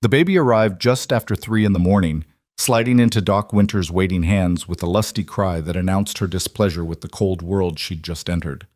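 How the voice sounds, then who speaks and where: Male narrator, low voice, dry close sound, measured and earnest, for western tales. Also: darkish tone, no echo. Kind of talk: scripted storytelling narration.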